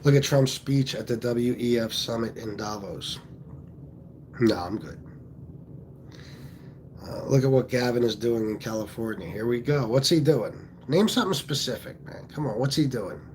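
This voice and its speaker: A blunt, foul-mouthed man from Pennsylvania chats on a casual livestream, reading out viewer comments and answering them straight. His voice sits at an ordinary middle pitch. A faint hiss of noise runs under the recording. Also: normal speed, a little mellow. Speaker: livestream host.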